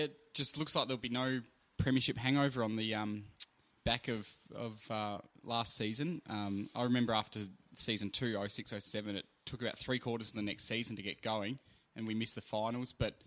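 A young man with an Australian accent, a guest on a casual podcast, talking in a laid-back, halting way. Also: lowish voice, fairly even intonation, a bit bright.

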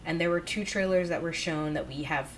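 A woman co-hosting a podcast in casual chat, telling stories excitedly, with bursts of squealing. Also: fairly low pitch, fairly quick, slight background noise. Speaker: podcast co-host.

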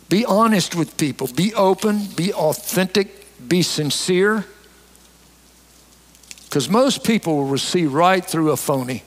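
Earnest high-voiced male pastor preaching. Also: long reverb tail. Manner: earnest preaching with scripture reading. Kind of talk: sermon.

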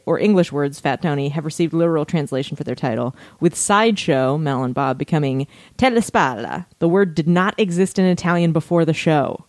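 Mulher de voz grave lendo e rindo. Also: female voice, low-pitched, darkish tone, no echo. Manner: reads notes aloud with frequent laughs and asides. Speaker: podcast co-host. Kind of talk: casual chat, reading aloud.

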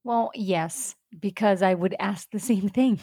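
An animated woman co-hosting a casual podcast, acting out her reactions. Her voice sits at a middle pitch, and the sound is dry. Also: measured pace, breathy edge, dry recording. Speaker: podcast co-host. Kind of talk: casual rewatch chat.

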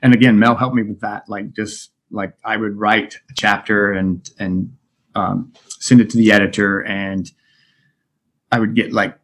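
A middle-aged man speaking as a podcast guest, talking candidly and reflectively, often pausing and restarting. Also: lowish voice, little pitch movement, a bit bright. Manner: reflective, open, halting with many restarts. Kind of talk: candid interview conversation.

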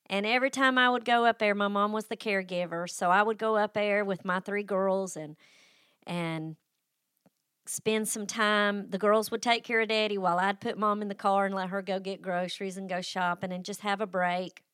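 A woman's voice: mid-range voice, steady tone, moderate pace, fairly bright tone, smooth, dry recording, clean studio sound. A middle-aged woman who hosts a faith podcast and tells a personal story in a folksy, emotional way, with sighs and restarts. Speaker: podcast host.

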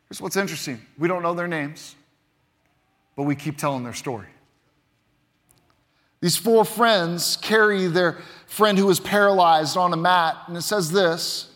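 A man's voice: high-pitched, a bit bright. A man preaching a sermon as pastor, reading scripture aloud and building to emphatic points. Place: church sanctuary. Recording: long reverb of a church hall.

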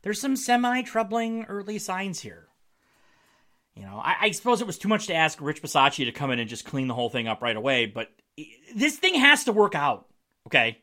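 Lively, joking male sports podcaster. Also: on the high side, brisk. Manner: joking, wry, laughs often. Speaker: podcast host. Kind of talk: casual solo sports podcast.

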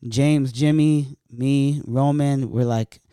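A man telling a story in a casual podcast chat, animated and profane, acting out what people said. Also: medium pitch, takes it slowly, clear, resonant tone, no room sound, studio quality. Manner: profane, animated, acts out quotes.

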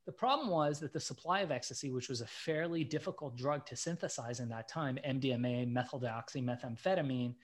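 A middle-aged man, a guest in an interview, telling a story in a casual, animated way and acting out the lines he quotes. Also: mid-range voice, brisk, hardly any pauses.

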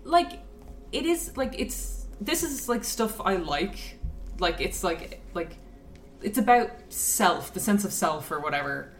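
A woman's voice: mid-range voice, sing-song, slow pace, a little hiss or hum. A woman chatting casually about a film, enthusiastic and rambling with lots of fillers. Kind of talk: casual chat, film review. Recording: echoey room, mic at a distance.

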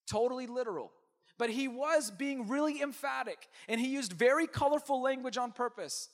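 A man preaching a sermon as pastor, emphatic, swinging from loud declarations to hushed asides. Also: extremely high pitch.

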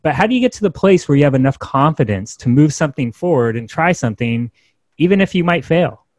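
A man's voice: fairly high pitch, big pitch swings, fast, darkish tone, dry recording. A man hosting a podcast, asking long, searching questions in a casual way. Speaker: podcast host.

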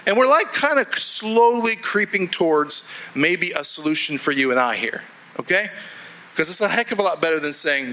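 Guy pastor preaching, bright voice, a bit high, chatty and acts out little quotes. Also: animated, moderate pace, poor audio. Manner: conversational, repeats and restarts phrases, acts out quoted inner voices. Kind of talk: sermon. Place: church with a congregation.

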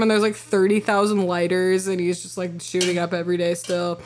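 A woman's voice: fairly low pitch, level tone, a little fast, hardly any pauses, slight background noise. A woman in her twenties telling a personal story on a podcast, rambling and filling her talk with "like" and swearing. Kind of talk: casual storytelling.

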